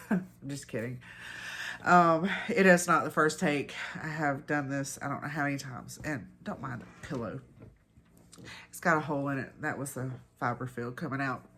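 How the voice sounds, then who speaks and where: A woman's voice: very deep voice, normal speed, fairly bright tone. A woman hosting a casual crochet chat at home, her nose stuffy from allergies, rambling and laughing at herself. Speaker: crochet podcast host. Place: at home, indoors.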